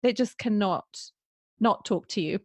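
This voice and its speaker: A British woman hosting a podcast who tells stories in an animated, chatty way with lots of restarts. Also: medium pitch, measured pace, dry recording. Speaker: podcast host. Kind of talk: casual conversation.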